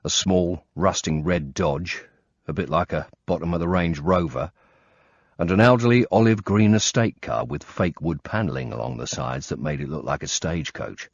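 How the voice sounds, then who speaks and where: Deep gravelly male audiobook narrator. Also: moderate pace, no echo. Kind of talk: first-person thriller narration. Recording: dull lo-fi recording.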